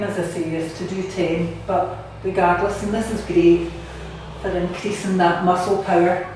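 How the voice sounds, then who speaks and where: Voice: mid-range voice, a little mellow, a little hiss or hum. Cheery Scottish exercise coach, a touch out of breath, recorded from across a bare echoey bathroom. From Scotland. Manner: cheery, encouraging, chatty. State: slightly out of breath. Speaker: fitness instructor. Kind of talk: guided home exercise class. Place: bathroom at home. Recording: echoey room, mic at a distance.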